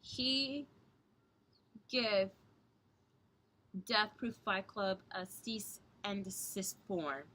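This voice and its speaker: A woman's voice: drawn-out words, pauses often, bright, forceful tone. Profane, rambling woman reviewing wrestling. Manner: talks low to avoid waking others. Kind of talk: casual vlog review.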